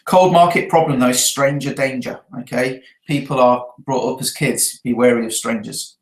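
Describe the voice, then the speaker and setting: A man's voice: medium pitch, fairly even intonation, normal speed, roomy sound, low-quality recording. A man who trains network marketers, talking through his event notes earnestly and often checking in with his listeners. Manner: earnest, checks in with a frequent tag question.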